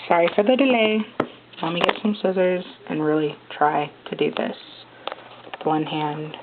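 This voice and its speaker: A young woman filming an unboxing vlog one-handed at home, chatty and excitable, often gasping over what she finds. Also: on the low side, moderate pace. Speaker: vlogger unboxing a gift. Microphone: handheld phone camera. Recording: tinny phone-like audio with noise.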